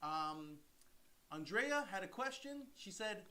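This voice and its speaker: Easygoing man, high bright voice. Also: sing-song, takes it slowly. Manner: easygoing, reads out viewer comments. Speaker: loan officer and livestream co-host. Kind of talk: casual livestream chat.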